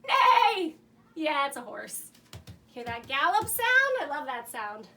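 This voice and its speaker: A woman's voice: sits high, measured pace, far from the mic. A woman hosting a children's show, cheering young viewers on as they guess animals in a game of charades. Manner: animated, encouraging, speaks to kids at home. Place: home laundry room. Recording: a bit away from the mic, faint room hum.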